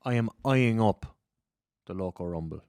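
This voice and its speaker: An Irish man co-hosting a wrestling podcast in casual chat, making wry, deadpan quips. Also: fairly low pitch, normal speed, clear, resonant tone, no echo, clean studio sound. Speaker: podcast co-host.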